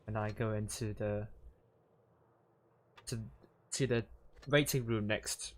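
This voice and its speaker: A man casting a live esports stream, talking in a rambling, halting way with frequent fillers and restarts. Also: on the low side, fairly even intonation. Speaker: stream caster.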